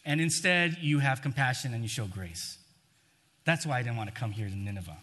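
A preacher voicing an exasperated Jonah. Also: male voice, mid-range voice, expressive, brisk, sharp tone, pitched below the performer's own voice. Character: indignant prophet Jonah, grown man, complaining.

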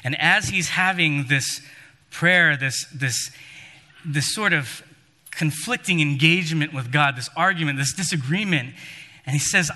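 A man with a fairly high, very bright voice preaches a sermon, telling the story and acting out the quoted lines. His voice rings through a long hall reverb, as in a church sanctuary. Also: expressive, unhurried, pauses often. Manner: storytelling, voices quoted figures with rising and falling emphasis.

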